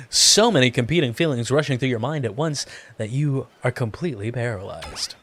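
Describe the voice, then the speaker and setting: A man's voice: medium pitch, a bit bright. Playful man reading a dating game aloud. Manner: playful, theatrical, laughs often. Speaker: gaming YouTuber.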